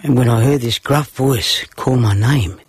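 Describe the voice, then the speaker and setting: A man's voice: mid-range voice, measured pace, husky, dry recording. A man with an Australian accent telling a story from his own childhood. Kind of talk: narrated personal story.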